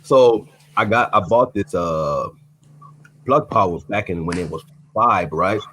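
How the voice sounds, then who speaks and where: A man's voice: low-pitched, a little slow, sharp tone, slight background noise. A man guest on a live stream, laid-back and boastful in casual chat, swearing freely.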